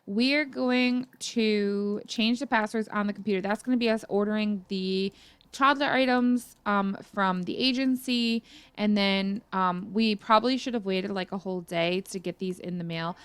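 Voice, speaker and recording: A woman's voice: medium pitch, moderate pace, clean tone, dry recording. A young woman chatting casually through her gameplay, rambling and full of fillers. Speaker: gaming YouTuber.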